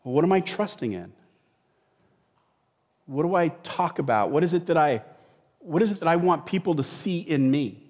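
Middle-aged male pastor, chatty sermon, fairly high voice, long hall reverb. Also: lively intonation, normal speed, long pauses, darkish tone. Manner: conversational, repeats words, asks rhetorical questions.

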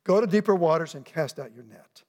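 This middle-aged pastor, whose voice sits fairly high, preaches from the pulpit at a fairly quick clip. He's animated and takes on the voices of the characters in his story, and the sanctuary lends the recording a long reverb.

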